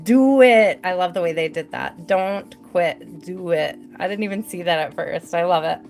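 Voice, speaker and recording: A woman hosting a casual live tarot reading, bubbly and quick to laugh, talking to spirit and to her viewers in the chat. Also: lowish voice, gravelly, a little mellow, faint music behind. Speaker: tarot reader hosting a livestream.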